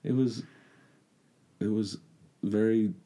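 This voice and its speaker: A middle-aged man co-hosting a podcast, sick and coughing, telling stories in a halting, rambling way. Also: lowish voice, steady tone, mellow. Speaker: podcast co-host. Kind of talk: casual chat.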